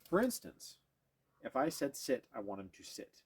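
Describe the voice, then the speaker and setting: Husky-voiced man teaching dog training. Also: medium pitch, sing-song, normal speed, a little mellow. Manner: explains step by step to viewers while working a dog; breaks off to praise and coax the dog. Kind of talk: hands-on training demonstration.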